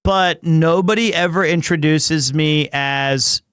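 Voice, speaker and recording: A man streaming live in casual chat, excitable, often breaking into shouts and laughter. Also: a little high, takes it slowly, smooth, no echo. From United States.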